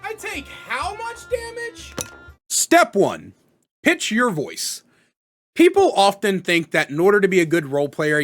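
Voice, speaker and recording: A man giving tabletop role-playing tips in a casual tutorial vlog, energetic and chatty, with offhand swearing. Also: on the high side. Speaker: tabletop gaming content creator.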